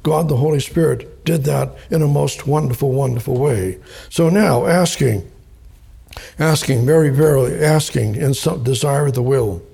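A man teaching the Bible verse by verse, slow and deliberate, spelling out and repeating key words. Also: medium pitch, gravelly, warm tone, slightly rough.

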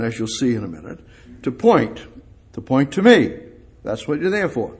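A man's voice: mid-range voice, sing-song, moderate pace, slightly rough. A man preaching a sermon, speaking in the voices of the people in the passage and building to emphatic, rising peaks.

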